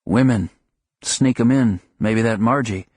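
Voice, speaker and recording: A man narrating plays a wisecracking middle-aged husband who grumbles in mock gruffness. His voice is mid-pitched and a touch husky, recorded dry and close. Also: unhurried, a little mellow, no echo. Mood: mock-gruff. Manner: sardonic, mock-gruff banter. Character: wry joking middle-aged shop clerk husband. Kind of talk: audiobook character reading.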